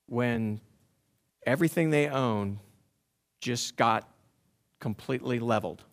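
A man's voice: mid-range voice, normal speed, pauses often. A man, a pastor giving a sermon, talking in a conversational, heartfelt way that builds to emphatic preaching.

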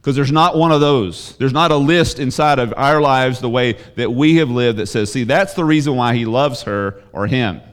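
Male pastor mid-sermon, mid-pitched voice, emphatic, restarts and repeats words, sudden loud stresses after quiet asides. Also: moderate pace, hardly any pauses, smooth. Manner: repeats words and restarts when pressing a point.

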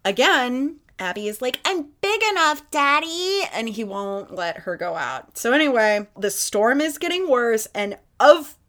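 A woman's voice: a little high, measured pace, few pauses. A woman hosting a podcast, recapping a film in casual chat, acting out the characters and swearing freely. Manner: animated storyteller, acts out characters, swears freely. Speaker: podcast host.

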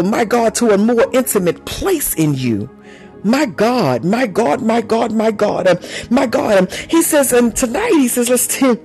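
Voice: mid-range voice, a little mellow. A fervent prophetic minister preaching spontaneously, crying out "oh God" again and again, breaking into tongues, and lifting the voice when quoting the Lord. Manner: fervent, repeating exclamations and speaking in tongues.

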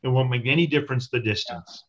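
Man, mid-pitch voice, halting and hesitant, muffled lo-fi sound. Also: a bit bright. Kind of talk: conversational product pitch. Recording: dull lo-fi audio.

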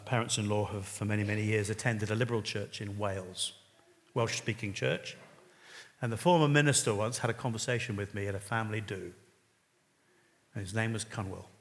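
Animated male preacher in a reverberant hall. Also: on the low side. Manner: animated, storytelling with sudden loud rises. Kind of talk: sermon. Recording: long reverb of a large hall.

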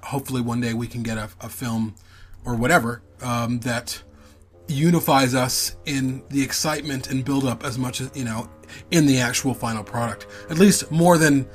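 A man hosting a casual podcast chat, talking as an enthusiastic, excitable fan with many hesitant restarts. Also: mid-range voice, moderate pace, soft background music. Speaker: podcast host.

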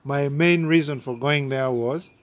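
A man's voice: mid-range voice, measured pace, no echo. A man from Uganda, a pastor giving his personal testimony in an interview, speaking earnestly and often repeating or restarting his words.

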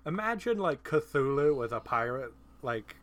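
Animated man chatting about films. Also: mid-range voice, a little slow. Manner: animated, laughing, profane asides. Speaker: podcast host. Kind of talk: casual film discussion.

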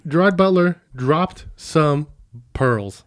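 A man's voice: fairly high pitch, expressive, takes it slowly. A young man hosting a casual podcast, ranting playfully and swearing freely as he riffs on a movie. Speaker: podcast host. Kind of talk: casual chat.

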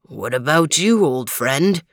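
A woman voicing a big, heavy male dog who speaks calmly and thoughtfully in a storybook. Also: deep voice, takes it slowly, no echo, clean studio sound, pitched below the performer's own voice, heavily acted.

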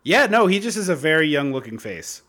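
A man's voice: fairly high pitch, big pitch swings, a little fast, a bit bright. A man co-hosting a casual movie-review podcast, riffing sarcastically and laughing often. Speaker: podcast co-host.

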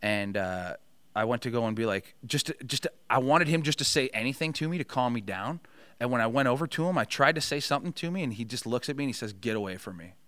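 A man guest telling a story in casual chat, animated and profane, and he gets heated. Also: mid-range voice, quick pace, clean tone. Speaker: podcast guest, wrestler.

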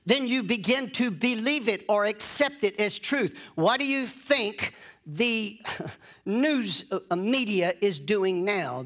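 A man's voice: sits high, bright, forceful tone. A man preaching a sermon in an emphatic, insistent way, repeating phrases to drive points home.

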